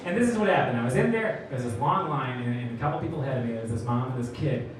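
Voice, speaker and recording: A man's voice: medium pitch, rapid-fire. A young man doing a stand-up comedy set, telling stories animatedly and acting out characters. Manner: animated storytelling, acts out characters. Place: comedy club stage before a laughing crowd. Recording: distant roomy club recording, crowd laughter.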